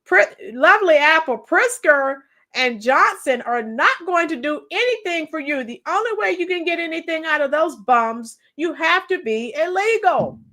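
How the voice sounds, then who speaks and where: A woman with a hoarse, cracking voice giving chatty, opinionated political commentary on a live stream and reading viewer comments. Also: high-pitched, animated, pushed and bright. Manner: opinionated, chatty, sings song snippets slowly. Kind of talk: casual political commentary livestream.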